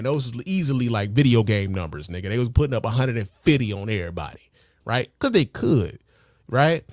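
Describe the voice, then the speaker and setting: A man hosting a podcast in a loose, casual way, swearing often, filling pauses with fillers and asking the listener rhetorical questions. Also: medium pitch, no room sound, clean studio sound. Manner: loose, profane, heavy with fillers. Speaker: podcast host.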